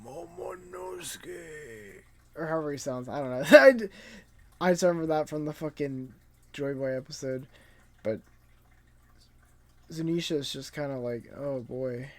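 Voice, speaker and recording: A man's voice: on the high side, lively intonation, normal speed, long pauses. A man reviewing a comic chapter in casual, rambling commentary, laid-back and profane, sounding tired late at night.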